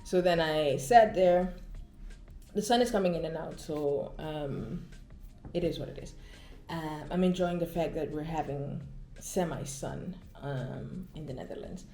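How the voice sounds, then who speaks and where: A woman's voice: sits low, a little slow, warm tone, roomy sound, faint music behind. A woman vlogger chatting casually outdoors, telling a concert story with many fillers and acted-out quotes, recorded on a phone. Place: outdoors, walking in the Netherlands.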